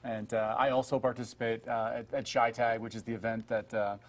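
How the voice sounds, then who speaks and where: A man's voice: mid-range voice, level tone, brisk. A man appearing as a guest on a TV show, explaining his toy and game in a laid-back way with lots of "uh". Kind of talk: casual TV interview.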